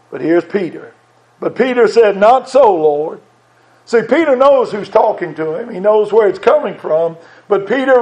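High-voiced folksy preacher. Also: male voice, warm tone. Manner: folksy preaching, repeats phrases for emphasis. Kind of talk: sermon. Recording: dull lo-fi sound.

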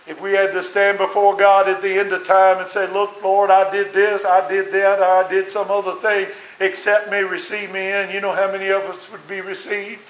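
A man's voice: high-pitched, monotone, normal speed, few pauses, fairly bright tone. A man, preaching a sermon in a folksy, earnest way and chuckling now and then. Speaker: pastor. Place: church sanctuary. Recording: echoey church room.

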